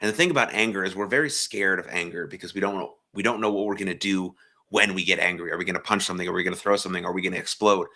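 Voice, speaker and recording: A man's voice: sits low, rapid-fire, sharp tone. A man hosting a podcast, talking reflectively and explaining through a string of questions. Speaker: podcast host. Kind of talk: casual conversation.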